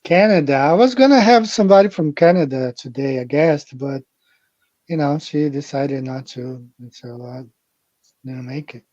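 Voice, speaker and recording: A man's voice: fairly high pitch, normal speed, darkish tone, no echo. A man hosting a live stream, talking casually and rambling, repeating phrases and greeting viewers directly, on a muffled lo-fi recording. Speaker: livestream host. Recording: muffled lo-fi audio.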